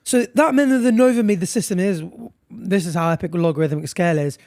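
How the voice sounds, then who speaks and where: A man's voice: high voice, fast, a little mellow, no echo, clean studio sound. A man from England co-hosting a podcast in casual, jokey chat, throwing in meme quotes. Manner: chatty, jokey, quotes internet memes. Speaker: podcast co-host.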